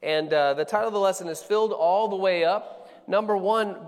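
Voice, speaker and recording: A man's voice: high voice, normal speed, clean tone, long reverb tail. A man from Colorado, a pastor teaching a sermon in a casual, conversational way. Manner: casual, conversational, with frequent fillers and restarts.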